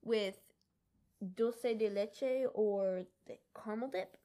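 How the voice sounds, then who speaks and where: A woman's voice: mid-range voice, slow pace, dark tone. A young woman co-hosting a casual podcast, chatty and loose, running through a list with lots of "like". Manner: chatty, lists items with frequent "like". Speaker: podcast co-host. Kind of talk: casual chat.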